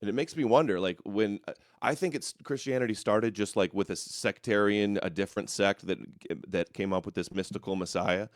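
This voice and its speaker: A man's voice: on the low side, a little fast, few pauses, no echo, studio quality. A man hosting a talk show, speaking bluntly and emphatically in casual conversation. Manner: blunt and emphatic, stacks up labels. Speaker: podcast host.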